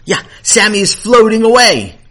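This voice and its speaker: A man voicing an excited young boy in a storybook tale, talking urgently and tripping over his words. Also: sits high, moderate pace, pitched above the performer's own voice, full character voice.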